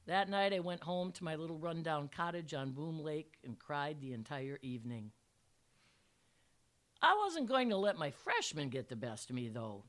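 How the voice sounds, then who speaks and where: A woman's voice: on the low side, expressive, moderate pace. Older woman reading her memoir wryly. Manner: wry, dry storytelling. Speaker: retired teacher telling a memoir. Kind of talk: reading a personal story aloud.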